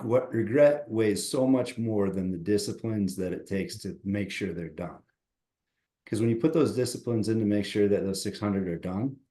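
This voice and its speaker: A man's voice: lowish voice, reverberant. A man speaking as a motivational coach on a podcast, upbeat and encouraging, giving advice in a casual chat over a remote call. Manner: upbeat, counts push-ups loudly and out of breath.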